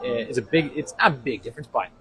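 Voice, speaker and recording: A man's voice: medium pitch, animated, fast talker, sharp tone, low-quality recording. A restaurant owner from Italy giving a casual interview, explaining his food with lots of fillers and restarts. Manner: explanatory, hesitant with many fillers.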